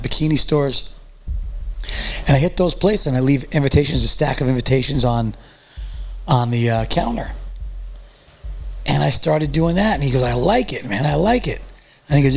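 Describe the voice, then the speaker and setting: Lively male storyteller acting out dialogue. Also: mid-range voice, creaky. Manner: lively storyteller who acts out quoted dialogue with a raised voice; loose, profane street talk. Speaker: podcast guest, music promoter. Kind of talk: casual anecdotal storytelling.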